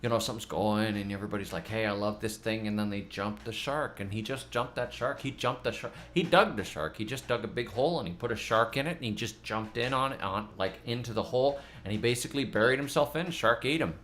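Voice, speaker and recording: A man's voice: medium pitch, quick pace, few pauses, a bit bright, slight background noise. A middle-aged man hosting a gardening channel, chatting loosely in a rambling, self-mocking way and often repeating his words. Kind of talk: casual rambling vlog chat.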